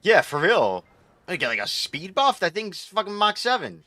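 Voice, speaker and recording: A young man streaming live, commenting on his gameplay in an excitable, profane, rambling way. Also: high-pitched, moderate pace, dry recording.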